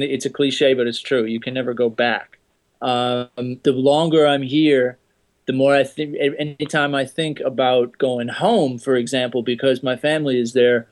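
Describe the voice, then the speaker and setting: A man on a podcast answering slowly and thoughtfully, hesitant with many fillers. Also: mid-range voice. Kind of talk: casual podcast talk.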